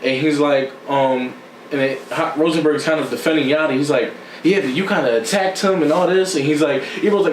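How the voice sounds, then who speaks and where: Man co-host, casual storyteller, pitched a bit high, miked from a distance in an echoey room. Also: fairly quick, slight background noise. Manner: animated storytelling, acts out quotes with sudden pitch jumps. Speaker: podcast co-host. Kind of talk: casual chat.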